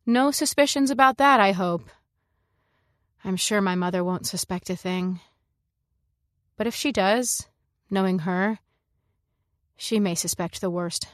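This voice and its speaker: A woman narrating a science fiction story in the first person, in a measured, reflective way. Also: medium pitch, no room sound, clean studio sound. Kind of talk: scripted narration.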